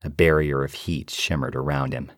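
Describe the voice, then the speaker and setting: A man narrating a first-person horror story in a low, steady, measured way. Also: no echo, clean studio sound.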